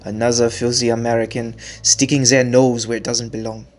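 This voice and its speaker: A man's voice: mid-range voice, level tone, brisk, lightly acted. A man voicing a haughty female tuxedo cat with a put-on French accent, sneering and disdainful, in a story game. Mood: snooty.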